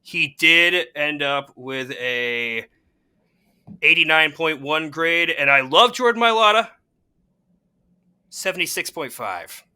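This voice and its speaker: A young man co-hosting a casual sports chat, excitable and fan-ish, quick to laugh. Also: on the high side, smooth. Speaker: podcast co-host.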